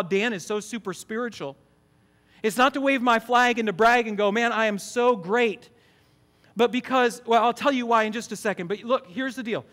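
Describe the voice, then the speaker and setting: Man, middle-aged, high voice, campus pastor, emphatic sermon, asks the congregation questions. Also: a bit bright.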